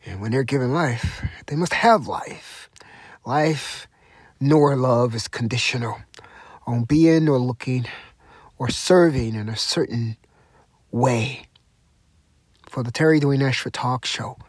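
A man's voice: mid-range voice, takes it slowly, pauses often, slightly rough, no echo. A man hosting his own talk show, giving an emphatic monologue that sounds like a sermon, hammering home the same phrases again and again. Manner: repetitive, emphatic, preacher-like. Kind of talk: impassioned solo monologue. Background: music.

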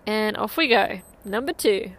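A woman's voice: mid-range voice, expressive, measured pace, fairly bright tone. A woman coaching a guided interval run outdoors, upbeat and encouraging as she counts down. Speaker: running coach.

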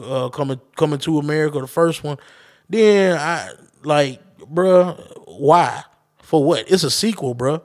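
A man's voice: on the high side, darkish tone. A man hosting his own podcast, ranting casually and profanely straight to his listeners. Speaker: podcast host. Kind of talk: casual solo podcast rant.

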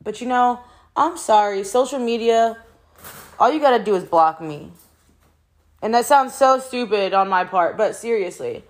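A woman's voice: medium pitch, animated, moderate pace. Young adult woman, frustrated and unfiltered, swearing freely in a candid personal vlog. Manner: frank and heavily profane, rambling with restarts; frustrated and exasperated. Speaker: vlogger.

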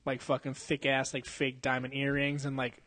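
His mid-range voice is bright and forceful yet completely flat in delivery, at normal speed with no echo. A young podcast host holding a handheld mic, he casually recounts a long bar story, cursing heavily, using slang, laughing often, and acting out people's lines.

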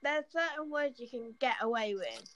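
A woman's voice: fairly high pitch, animated, normal speed, noisy background. An English woman with a blunt manner who swears freely, chatting casually as co-host. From England. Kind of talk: casual chat.

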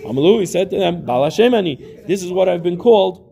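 Man with a low gravelly voice teaching. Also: expressive, quick pace, mellow, soft background music. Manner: reads Aramaic text then translates, repeats phrases. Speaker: Talmud teacher. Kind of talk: Talmud lesson.

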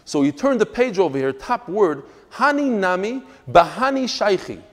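A male rabbi gives a lively class, slipping from storytelling into textual explanation with emphatic asides. His voice sits somewhat high for a man, and a long reverb trails his words as though he is in a hall. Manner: animated, emphatic, with quick asides. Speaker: rabbi teaching a daily Talmud class.

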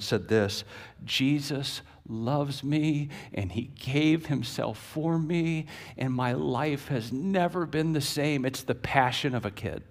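Slow, storytelling preacher in echoing hall. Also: male voice, medium pitch. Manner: vivid, animated storytelling with acted quotes. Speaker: pastor. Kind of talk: sermon. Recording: echoey hall with long reverb.

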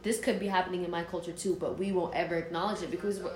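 A young woman from Jordan in casual podcast chat, an animated storyteller who swears freely. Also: on the low side, rapid-fire, echoey room, faint music behind.

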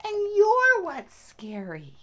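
A woman's voice: very high voice, huge pitch swings, takes it slowly, fairly bright tone, voice pushed up, heavily acted. A woman reading a storybook and voicing a young male lion cub who talks in an eager, childlike way.

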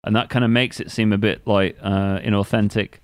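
A man's voice: fairly low pitch, little pitch movement, brisk, clear, resonant tone, no echo. A man from Britain with a British accent, co-hosting a podcast in casual chat, dry and blunt with a joking edge. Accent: British English. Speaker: podcast co-host.

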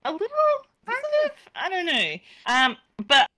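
A young-sounding woman talks casually on a podcast with a bright, forceful tone. She giggles often and hesitates through plenty of ums and uhs. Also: high-pitched, wildly swooping pitch, moderate pace. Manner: giggly, hesitant, many fillers. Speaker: roleplay player, podcast guest.

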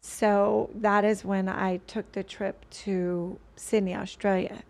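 An adult woman sits in as a podcast guest and tells a personal story in an earnest, winding way. She often breaks off and restarts her sentences. Her voice sits at an ordinary middle pitch. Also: level tone, slow pace, creaky, a little mellow. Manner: earnest, rambling, with many restarts.

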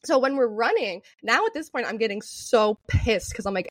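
A young woman co-hosting a podcast, telling a story with animated, profane energy and acting out what people said. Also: a little high, moderate pace, no room sound. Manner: animated, profane, acts out quotes in raised voice. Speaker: podcast co-host. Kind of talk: storytelling chat.

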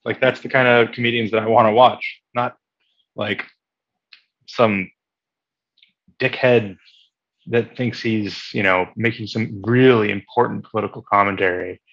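A man's voice: lowish voice, steady tone, a little slow, long pauses, a bit bright. A man co-hosting a podcast in casual political chat, sarcastic and profane, laughing often. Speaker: podcast co-host. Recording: dull lo-fi audio.

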